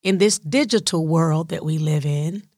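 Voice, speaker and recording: A woman's voice: sits low, moderate pace, darkish tone, dry recording, clean studio sound. A woman with a Southern US accent telling a personal caregiving story in a chatty, digressive way, with playful asides to her listeners. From Southern United States. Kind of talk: casual storytelling monologue.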